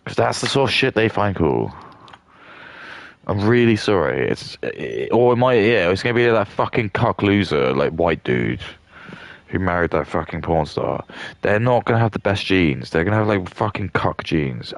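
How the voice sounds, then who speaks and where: A deep-voiced man rants through a casual live stream, swearing freely and rambling from point to point. His voice has a gravelly edge, and his pitch swings widely as he talks. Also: animated, normal speed, no echo. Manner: rambling, profane, heated ranting.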